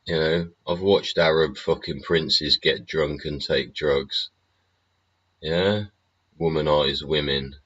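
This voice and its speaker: A man's voice: a bass voice, steady tone, takes it slowly, a bit bright. A middle-aged man hosting a livestream, rambling and swearing through a profane monologue full of tag questions. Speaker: livestream host. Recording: muffled lo-fi stream audio.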